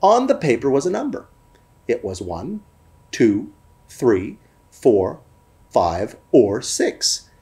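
A man telling a family story in a warm, lively storytelling manner for a family worship program. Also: medium pitch, slow pace, pauses often.

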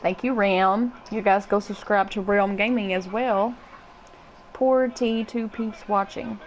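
A woman's voice: mid-range voice, steady tone, slow, a little hiss or hum, low-quality recording. A woman in her twenties with a Kentucky accent, chatting casually and cussing freely while streaming a game and greeting viewers. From Kentucky, USA. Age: 20s. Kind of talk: casual gaming stream chat.

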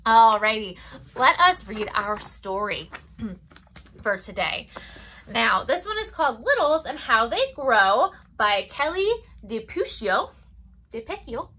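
A woman's voice: a little high, sharp tone. Sing-song children's librarian woman. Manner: sing-song, exaggerated and playful, with gasps and whispers for babies. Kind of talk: baby story time with rhymes and read-aloud.

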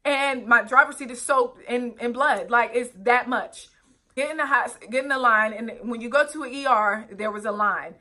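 A woman's voice: a little high, bright, forceful tone. A young woman vlogger telling a personal story earnestly, with direct asides to her viewers. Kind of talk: storytime vlog, recounting a personal ordeal.

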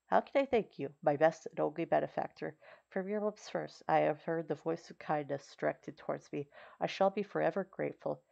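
A woman's voice: sits low, fairly quick, vocal fry, a little mellow. A woman reading the lines of a lonely male creature built by man, in an earnest, formal and imploring manner. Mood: pleading. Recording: slightly dull recording.

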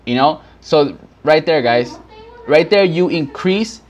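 A man's voice: on the high side, animated, slow pace. A man from Houston, Texas, explaining business basics to his viewers in a loose, rambling way, full of fillers and restarts, often calling them guys. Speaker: business vlogger. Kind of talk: casual teaching monologue. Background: background noise.

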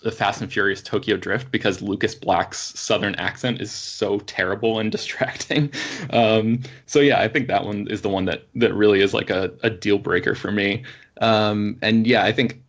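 Low-voiced man on a dull lo-fi line. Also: normal speed, vocal fry. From Florida. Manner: relaxed, laughs easily. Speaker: podcast co-host. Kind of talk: casual podcast chat. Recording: dull lo-fi sound.

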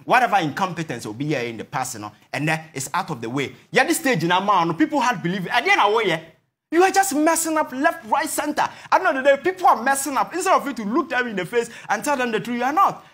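Impassioned Ghanaian man, very lively pitch. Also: quick pace. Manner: impassioned, emphatic, repeats phrases, mixes in Twi. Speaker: political commentator. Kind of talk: heated political talk show commentary.

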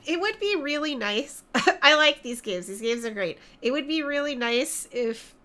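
A woman's voice: fairly high pitch, sharp tone. A woman, chatting and joking as she streams a video game. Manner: joking, chatty, reacting aloud. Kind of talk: casual gaming commentary.

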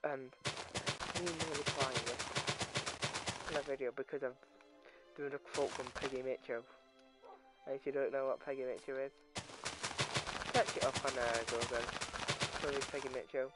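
A man's voice: mid-range voice, fairly even intonation, moderate pace, pauses often, poor audio. A man hosting his own gaming channel, chatting casually and rambling off topic while he plays, into his own microphone. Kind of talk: casual gameplay commentary. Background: game music.

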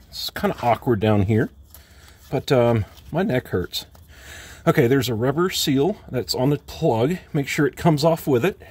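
A man with a husky, slightly rough voice talks through a repair step by step. He sounds plainspoken and matter-of-fact, dropping in fillers and dry little asides as he works. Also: medium pitch, a little mellow. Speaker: DIY car repair vlogger. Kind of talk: casual step-by-step repair instructions. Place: home driveway, working under a car.

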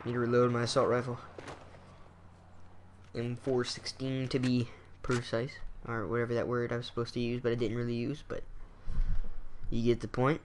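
Over the gunfire and explosions of his game, a young man who runs a gaming channel keeps up goofy, offhand commentary, talking to himself and humming sound effects. His medium-pitched voice is monotone at a normal speed, broken by long pauses, with the game's noise audible behind it.

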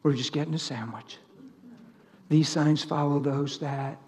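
A man preaching a sermon full of stories, animated, swinging from loud laughter to near whispers. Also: fairly high pitch, unhurried, big-room sound. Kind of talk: sermon with storytelling.

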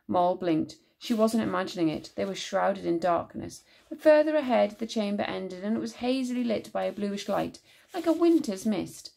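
A woman teacher reading a children's novel aloud in a measured, expressive way. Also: fairly low pitch, creaky.

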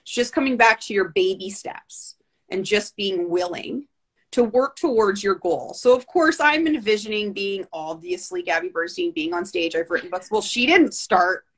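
A woman talking in a casual interview over a video call, telling stories in a lively, chatty way with many asides. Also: mid-range voice, normal speed, breathy edge. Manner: chatty, animated storytelling with asides. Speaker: guest with Bell's palsy.

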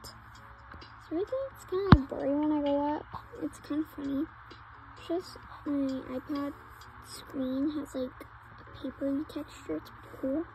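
Over background music on a rough recording, a woman narrates her role-play gameplay in a casual, chatty way packed with "like" and "oh my goodness." Her voice sits high with fairly even intonation, unhurried and marked by long pauses.

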